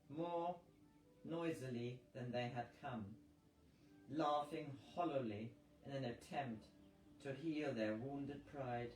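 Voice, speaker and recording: A man reading a novel aloud in a slow, measured way, with occasional slips. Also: medium pitch, darkish tone. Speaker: audiobook reader. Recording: roomy, distant mic with faint noise.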